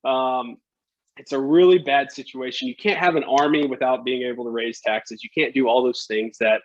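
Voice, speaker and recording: A man's voice: mid-range voice, steady tone, moderate pace. A man with a mid-range voice tells history in a loose, joking way, leaning on "like" and "right?" as he goes. The recording is dull and lo-fi, like a home podcast setup. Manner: conversational, lots of "right?" and "like". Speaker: guest telling history. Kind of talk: casual history storytelling.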